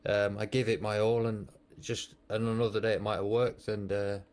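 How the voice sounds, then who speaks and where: A man with a lowish voice talks through the thinking behind bike racing in a casual podcast chat. His delivery is thoughtful and explanatory, and he works his ideas out as he goes. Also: flat delivery, moderate pace, darkish tone. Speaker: former professional cyclist, guest.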